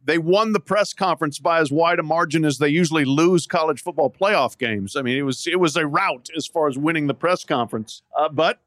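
A man's voice: a little high, brisk, hardly any pauses, a bit bright, dry recording. A man talking as a sports columnist guest on a podcast from an outdoor patio, chatty with many restarts and fillers. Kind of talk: casual sports podcast chat.

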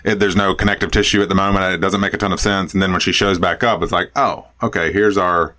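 A man co-hosting a podcast, chatting casually about a classic film, animated and laughing, with frequent restarts. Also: deep voice, quick pace. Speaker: podcast co-host.

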